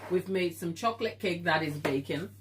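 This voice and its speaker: A woman's voice: fairly low pitch, moderate pace, very noisy. A woman with a stuffy nose hosting a live baking stream from her kitchen, chatting casually with viewers and laughing often. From Africa. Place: home kitchen.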